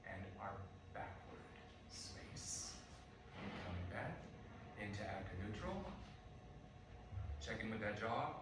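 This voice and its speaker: A male acting teacher leading a class through a vocal warm-up with calm instructions and loud rhythmic chants. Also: on the low side, far from the mic. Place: large echoey classroom. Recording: roomy classroom recording from afar with noise.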